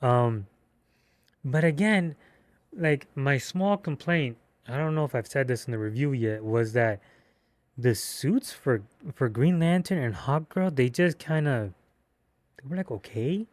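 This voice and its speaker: Excitable slangy man reviewing a movie. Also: medium pitch, unhurried, no echo. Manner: excitable, slangy and profane, rambling with restarts.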